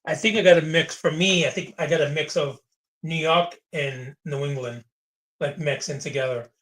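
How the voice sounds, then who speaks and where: A man's voice: fairly high pitch, normal speed, a bit bright. A man from Massachusetts hosting a casual interview, asking loose, rambling questions. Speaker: podcast host.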